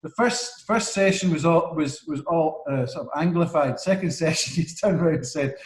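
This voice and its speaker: A man's voice: fairly high pitch, normal speed. Male host, rambling, hesitant, echoey room on a video call. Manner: rambling, many restarts and fillers. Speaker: interview host. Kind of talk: casual interview chat.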